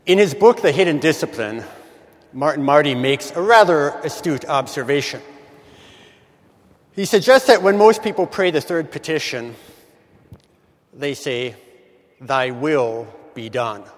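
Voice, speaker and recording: Casting: man with a high voice, measured devotional preacher, long reverb of a big hall. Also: expressive. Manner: measured, emphatic, stretches key words slowly. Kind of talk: morning devotional reflection.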